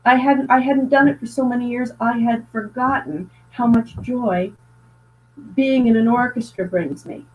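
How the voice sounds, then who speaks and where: A woman's voice: on the high side, fairly even intonation, moderate pace, slight background noise. Earnest woman guest on a muffled call. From Canada. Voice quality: earnest, repeats and restarts words. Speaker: guest author and speaker. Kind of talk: conversational interview storytelling.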